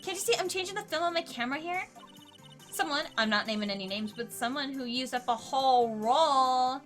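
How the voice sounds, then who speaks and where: A woman voicing a brash, touchy country photographer in a slow, exaggerated southern drawl while playing a story game. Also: high voice, animated, pushed and bright, soft background music. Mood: scolding.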